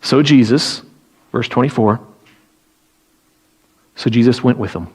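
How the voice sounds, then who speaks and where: A man, a pastor, preaching a sermon as animated storytelling, acting out pleading voices and often repeating and restarting phrases. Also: medium pitch, measured pace, slightly rough.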